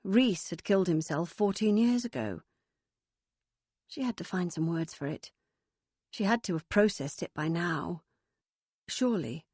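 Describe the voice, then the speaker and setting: Dry, steady woman narrating a novel. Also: fairly low pitch, unhurried, long pauses, husky, no echo. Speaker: audiobook narrator. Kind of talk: scripted narration.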